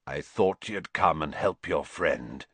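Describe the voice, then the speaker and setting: A man voicing a gaunt escaped male prisoner, speaking in a low, hoarse, quiet, menacing croak. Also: expressive, takes it slowly, dry recording, full character voice.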